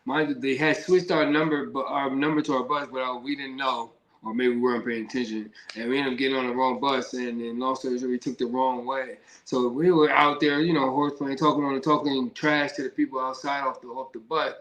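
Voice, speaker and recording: A man talks about his fighting life in a loose, rambling way, leaning on "man" between phrases. His voice sits at a middle pitch. The sound carries a roomy echo. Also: fairly even intonation, a little fast, hardly any pauses, a bit bright. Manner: loose, repetitive, says "man" often. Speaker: professional boxer, guest. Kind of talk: casual storytelling interview.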